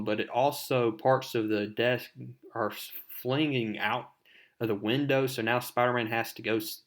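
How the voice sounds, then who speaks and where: Guy recapping a comic, easygoing and rambly, mid-pitched, lots of "i mean". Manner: loose, rambling, many "I mean" fillers. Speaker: comic book video host. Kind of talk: casual comic book recap.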